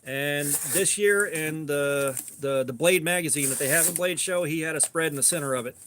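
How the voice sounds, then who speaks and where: A man's voice: fairly high pitch, normal speed, fairly bright tone, slight background noise. A man in his forties from Georgia with a fairly neutral American accent, chatting casually and rambling with lots of hesitations. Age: 40s. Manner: rambling, loose, hesitant with fillers. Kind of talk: casual chat.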